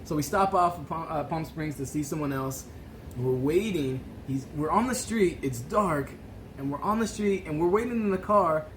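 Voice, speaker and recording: A man's voice: on the high side, moderate pace, fairly bright tone, slight background noise, poor audio. A man co-hosting a podcast, telling a drinking story in casual chat, swearing freely and laughing as he goes. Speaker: podcast co-host.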